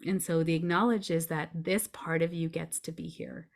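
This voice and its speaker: A woman's voice: low voice, steady tone, moderate pace, vocal fry. A woman guest on a podcast, a grief coach explaining her method step by step in a reassuring way. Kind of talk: podcast conversation.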